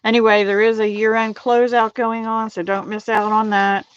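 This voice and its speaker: A chatty middle-aged woman hosts a live craft tutorial from her home craft room. She talks to viewers by name and fills pauses with ums and soft laughs. The audio is dull and lo-fi, with a dry, close sound. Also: fairly high pitch, little pitch movement, clear, resonant tone, dry recording. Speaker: card-making demonstrator.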